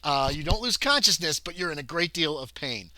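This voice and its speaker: Bright-voiced male game master. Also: on the high side, expressive, a little fast, dry recording. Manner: chatty, breaks into loud shouted character voices. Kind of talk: narrating a tabletop horror game.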